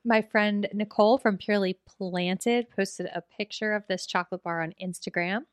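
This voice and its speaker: A woman's voice: mid-range voice, fairly even intonation, moderate pace, no echo, studio quality. A woman co-hosting a casual food podcast, chatty and upbeat. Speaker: podcast co-host.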